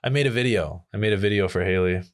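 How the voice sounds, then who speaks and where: A man's voice: on the low side, fast. A man hosting a casual podcast chat, cursing freely and acting out his own rants. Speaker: podcast host.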